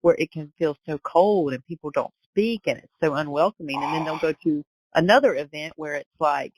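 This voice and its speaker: A woman hosts a podcast in a relaxed, chatty way, her voice sitting low for a woman. She is recorded dry and close. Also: brisk, no room sound, low-quality recording. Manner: relaxed, chatty, with fillers like "like" and "kinda". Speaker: podcast host. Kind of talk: casual chat.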